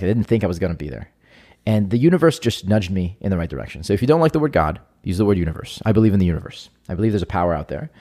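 A man's voice: sits low, warm tone. A young adult man speaking as a podcast guest in an earnest, reflective way during casual conversation.

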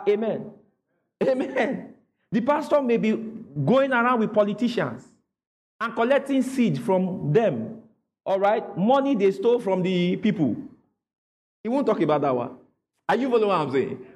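A man's voice: high voice, big-room sound. A man preaching a sermon in church, calling on the congregation to repeat after him and read aloud. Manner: call-and-response preaching, asks the congregation to repeat. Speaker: pastor.

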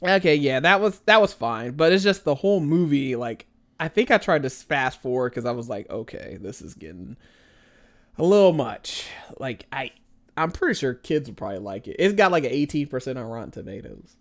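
A man co-hosting a casual movie review chat, rambling and animated, slipping into voices when he quotes characters. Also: mid-range voice, brisk. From American Midwest. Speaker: podcast co-host.

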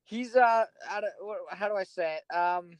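A man's voice: sits high, no room sound, low-quality recording. A man co-hosting a podcast, teasing his friend in casual chat. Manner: teasing, quick with jokes. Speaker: podcast co-host.

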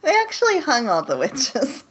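A woman co-hosting an anime podcast, mostly adding brief, laughing remarks. Her voice is higher and very husky. She talks slowly, with wide swings in pitch. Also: wildly swooping pitch. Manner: short laughing reactions. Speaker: podcast co-host. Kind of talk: casual anime review chat.

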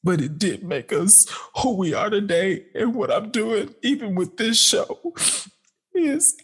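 A man with a husky, breathy voice that sits a little high for a man. He speaks slowly and tearfully to his younger self, sighing and pausing as the words come out in halting, heartfelt phrases. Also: lively intonation. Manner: halting, heartfelt, with sighs and pauses. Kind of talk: emotional personal address.

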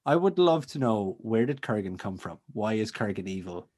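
A man's voice: on the low side, big pitch swings, normal speed, a little mellow. A man co-hosting a casual film podcast, enthusiastic, full of "like" fillers, often trailing off mid-sentence. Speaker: podcast co-host.

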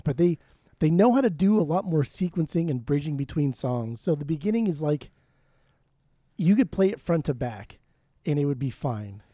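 A man's voice: a little high, animated, normal speed, warm tone, no echo, studio quality. A man co-hosting a casual podcast, talking enthusiastically, swearing often and breaking into sung snippets. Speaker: podcast co-host. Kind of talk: casual chat.

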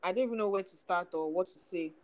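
A young adult woman from Nigeria with a Nigerian accent, co-hosting a casual chat podcast and talking in an animated way, full of fillers. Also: on the low side, quick pace, poor audio. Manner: animated, chatty, lots of fillers. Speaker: podcast co-host.

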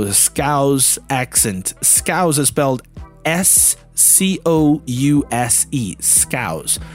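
A man hosting an English lesson podcast, talking in a chatty, enthusiastic way with many fillers. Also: mid-range voice. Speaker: English teacher and podcast host. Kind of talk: casual teaching monologue.

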